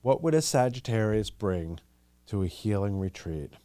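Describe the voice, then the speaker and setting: A man's voice: lowish voice, sing-song, normal speed, warm tone, no echo. A man in his thirties with a New York accent, hosting a casual solo podcast, gossipy and chatty, jumping between ideas and acting out quotes. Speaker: podcast host.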